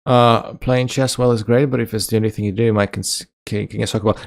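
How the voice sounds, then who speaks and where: A man's voice: fairly low pitch, fairly even intonation, quick pace, vocal fry, hardly any pauses. A man casually chatting on a live stream, reading viewer comments aloud, joking and laughing often. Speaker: chess streamer.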